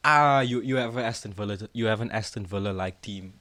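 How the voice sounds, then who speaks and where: A man's voice: fairly low pitch, a little fast, bright, forceful tone. A man co-hosting a casual football podcast, arguing his points and cutting in with "listen" and "look". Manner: argumentative, interjects with "listen" and "look". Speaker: podcast co-host.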